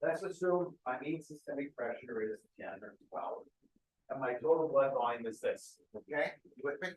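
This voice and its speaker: A man's voice: mid-range voice, moderate pace, a little hiss or hum. A man giving a keynote medical lecture, explaining step by step and often checking that the audience follows. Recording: echoey lecture hall.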